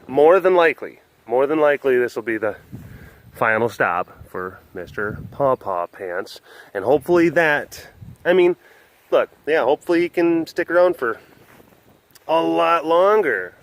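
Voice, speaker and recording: A man's voice: on the high side, animated, unhurried. A man hosting a casual walk-around webcast outdoors at an animal facility, rambling with lots of fillers and restarts. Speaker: vlog host.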